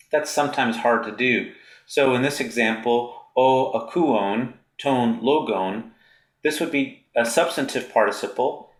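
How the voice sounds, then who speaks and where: A man teaching Greek grammar in a recorded lecture, slowly reciting word endings one by one. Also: mid-range voice, a bit bright, roomy sound. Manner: slow, deliberate recitation of endings.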